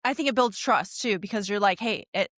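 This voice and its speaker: A woman's voice: mid-range voice, brisk, fairly bright tone, no echo, clean studio sound. A woman co-hosting a podcast in a casual chat, talking in a rambling way with many fillers. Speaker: podcast co-host.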